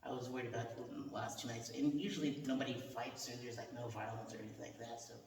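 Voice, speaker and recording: A man's voice: medium pitch, fairly even intonation, quick pace. Rambling male podcast host, echoey. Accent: American. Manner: rambling, filler-heavy. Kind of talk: casual interview chat. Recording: roomy echo, mic far off.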